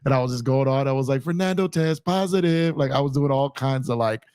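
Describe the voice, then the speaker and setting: A man's voice: medium pitch, flat delivery, fast, warm tone, clean tone, no echo, studio quality. Man with a worn, strained voice. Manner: rambling, laughs often, many restarts. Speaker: YouTube channel host. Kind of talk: casual post-game chat.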